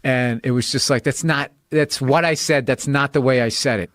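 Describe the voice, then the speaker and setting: A man's voice: mid-range voice, moderate pace, a bit bright, no echo, studio quality. A man in casual podcast chat, telling profane stories and laughing as he goes.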